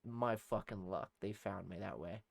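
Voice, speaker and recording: A man's voice: lowish voice, normal speed, creaky, no echo, clean studio sound. Swearing young man telling a story. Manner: heavy swearing, acts out shouted quotes. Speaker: podcast co-host. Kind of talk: casual storytelling.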